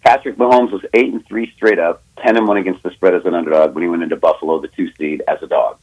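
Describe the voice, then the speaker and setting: A man with a slightly low, husky voice talks into a studio mic on a sports radio show. He tells a betting story fast and with emphasis, and acts out both sides of a phone call. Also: steady tone. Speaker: sports betting analyst guest.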